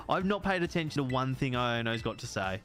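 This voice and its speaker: An Australian gaming streamer in his thirties chats and rambles casually while playing, laughing often. Over music, his medium-pitched voice has a sing-song quality at normal speed.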